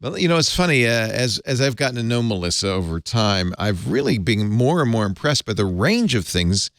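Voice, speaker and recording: A man's voice: medium pitch, sing-song, a little fast, a bit bright, dry recording, clean studio sound. A man hosting a tech news panel show, chatting and reading a sponsor ad with many fillers and restarts. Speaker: host. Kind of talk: tech news panel chat and live ad read.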